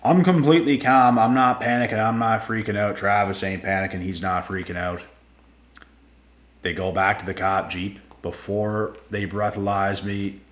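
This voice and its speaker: A man telling a personal story to his viewers in a casual, animated way, slangy and swearing freely. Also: lowish voice, moderate pace, reverberant.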